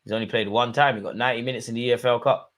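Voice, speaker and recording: A young man, commentating live on a football match for his viewers and shouting at the screen. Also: medium pitch, racing. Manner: excitable, swings from muttering to shouting at the screen. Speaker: football watchalong host. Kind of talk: live watchalong commentary, casual.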